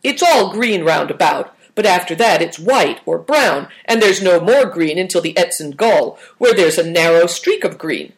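Thoughtful, cautious boy, measured , read by a woman. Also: fairly low pitch, lively intonation, poor audio.

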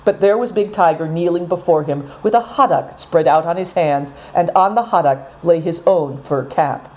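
Woman storybook narrator; low, mellow, very animated reading. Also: moderate pace. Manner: expressive, dramatic reading. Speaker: audiobook narrator.

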